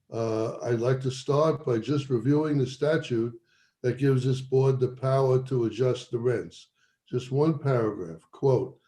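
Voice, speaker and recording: A man representing property owners, giving a formal presentation at a public meeting and reading legal text aloud with deliberate emphasis. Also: medium pitch, dark tone, rough recording. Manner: measured, reads statute aloud with emphasis.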